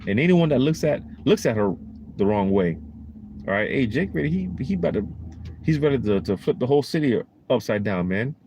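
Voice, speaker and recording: A man's voice: medium pitch, sing-song, a little fast, background noise. A man giving a casual preaching monologue in a rambling, emphatic, slangy way, full of "you know" and "man.".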